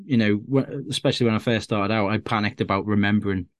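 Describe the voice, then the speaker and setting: A man's voice: on the low side, fast. A man, a stand-up comedian, chatting as a guest and telling self-deprecating stories with lots of restarts. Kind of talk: casual conversational anecdotes.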